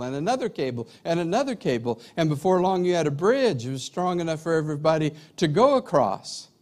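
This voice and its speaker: Animated man preaching a sermon. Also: fairly high pitch. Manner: animated storyteller, acts out dialogue.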